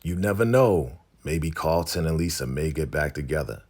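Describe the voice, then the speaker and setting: A man's voice: extremely low pitch, expressive, moderate pace, darkish tone. A man hosting a casual TV episode recap, retelling scenes in a laid-back, chatty, slangy way full of fillers. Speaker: TV recap host.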